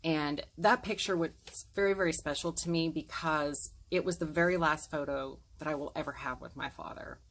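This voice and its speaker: Low-voiced woman in her forties telling her story. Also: fairly bright tone, slight background noise, rough recording. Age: 40s. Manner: earnest, emotional retelling with quoted dialogue. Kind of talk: personal storytelling to camera.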